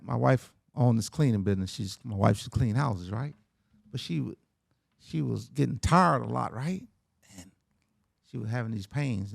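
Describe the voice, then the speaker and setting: A man, a podcast guest, telling a personal story in a relaxed, conversational way and tagging "man" and "right?" onto his lines. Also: mid-range voice, vocal fry, dry recording, studio quality. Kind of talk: casual storytelling.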